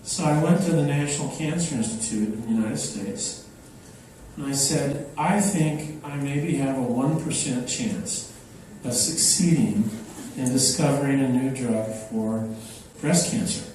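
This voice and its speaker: An older man giving an unhurried, anecdotal talk to an audience, with many fillers, recorded from afar in a large echoey hall. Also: mid-range voice, a little mellow, far from the mic, a little hiss or hum. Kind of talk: public talk. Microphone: microphone, then unamplified.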